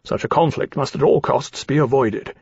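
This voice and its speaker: A man voicing a grave male captain who speaks in a measured, dry, formal manner. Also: medium pitch, gravelly, darkish tone, slightly rough, no room sound. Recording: slightly dull, dry recording.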